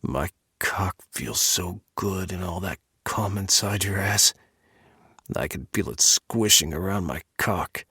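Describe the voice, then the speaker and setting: A man voicing a dominant but tender male lover in an audiobook, speaking in a low, breathy near-whisper that moves from commanding growls to gentle murmurs. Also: expressive, moderate pace, few pauses, no room sound, clean studio sound, exaggerated voice. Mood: growling. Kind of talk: audiobook dialogue.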